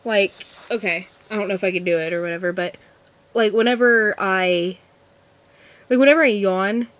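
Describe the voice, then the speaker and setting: A woman's voice: mid-range voice, normal speed, fairly bright tone, no echo. Giggly nervous teenage girl vlogging. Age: teens. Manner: nervous, giggly, rambling with many restarts. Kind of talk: casual Q&A vlog.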